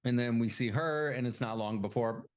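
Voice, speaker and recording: A man's voice: mid-range voice, normal speed. A man co-hosting a podcast, chatting casually and profanely, rambling and laughing often. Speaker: podcast co-host. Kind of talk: casual chat.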